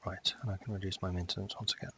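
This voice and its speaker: Low-voiced man muttering through a strategy game. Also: little pitch movement, rapid-fire, bright, forceful tone, slight background noise. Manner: muttering to himself, talking at the game. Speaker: strategy game let's player. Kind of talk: casual gameplay commentary.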